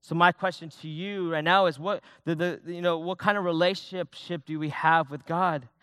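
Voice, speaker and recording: Young male youth pastor, conversational sermon delivery; smooth, resonant voice, dry close recording. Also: fairly high pitch, steady tone, normal speed, sharp tone, no echo. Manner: personal, conversational preaching with many restarts and fillers.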